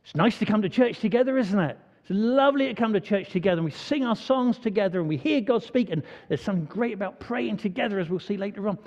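A man's voice: high voice, expressive, fast talker, few pauses, darkish tone. A man leading an all-age church service, chatty and full of questions for the children. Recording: dull, echoey church hall recording.

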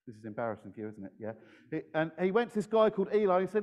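A man's voice: sits high, sing-song, racing, long reverb tail, lo-fi sound. A man giving a playful children's talk in a church service, quizzing his young listeners as he goes. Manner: playful, engages the audience with questions. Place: church hall. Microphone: handheld microphone.

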